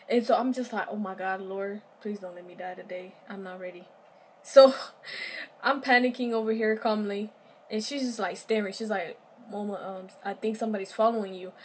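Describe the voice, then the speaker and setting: Young woman, casual storytime vlogger, lively and chatty, talks right to camera, faint hiss on the track. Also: mid-range voice. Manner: animated, chatty, addresses viewers directly.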